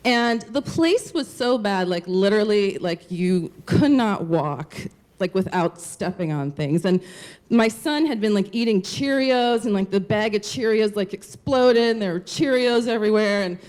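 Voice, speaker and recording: A woman's voice: mid-range voice, lively intonation, a little slow, a little mellow. A woman telling a personal story on stage at a live storytelling show, candid and casual, swearing and saying "like" a lot. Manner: candid, profane, lots of "like".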